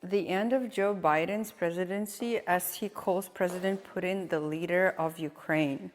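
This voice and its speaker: A woman's voice: lowish voice, steady tone, a little slow, hardly any pauses. Chatty woman streamer in a reverberant room. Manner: chatty, rambling, questioning. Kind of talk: casual live-stream chat.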